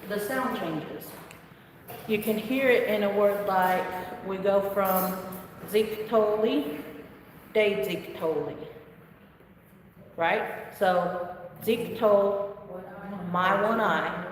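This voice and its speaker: A woman teaching a live online language lesson, patiently repeating words slowly for her students to drill, with chatty asides. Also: mid-range voice. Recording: echoey distant room with noise.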